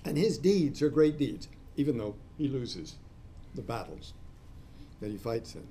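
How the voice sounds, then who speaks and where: Mellow-voiced man giving a discursive lecture. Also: mid-range voice, animated, a little slow, a little hiss or hum. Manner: discursive, spells out terms letter by letter. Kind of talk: classroom lecture.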